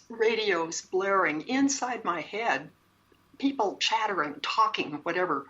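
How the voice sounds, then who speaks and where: A woman's voice: lowish voice, a bit bright. A woman, a shaman and spiritual teacher, telling a personal story in an interview, earnest and emphatic, often repeating her phrases. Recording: dull lo-fi sound.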